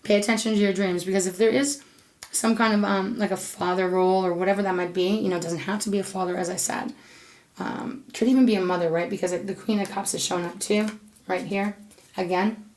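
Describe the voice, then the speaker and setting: A woman's voice: medium pitch, fairly even intonation, brisk, a little mellow. A woman giving a tarot reading to her viewers, emotional and affectionate, gushing and repeating her words. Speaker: tarot reader.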